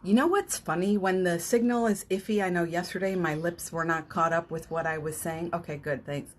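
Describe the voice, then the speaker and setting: A woman hosting a live morning session as a spiritual coach, chatting casually and leading guided affirmations, with frequent laughs and soft, almost whispered phrases. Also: on the low side, a little fast. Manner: chatty, warm-hearted, laughs often, breaks into soft affirmations. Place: home, streaming live from her phone.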